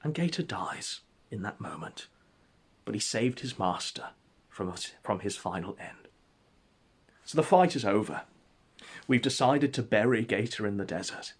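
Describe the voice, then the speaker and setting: A man narrating an absurd comic story in a deadpan, mock-epic way. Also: fairly low pitch, measured pace, pauses often, breathy edge. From England.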